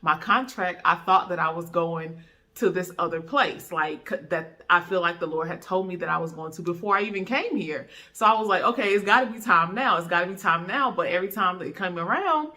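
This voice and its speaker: A young woman with a North Carolina accent talking casually to the camera in a sit-down vlog, chatty and relaxed, calling her viewers y'all. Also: on the low side, brisk. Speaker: YouTuber, travel x-ray tech.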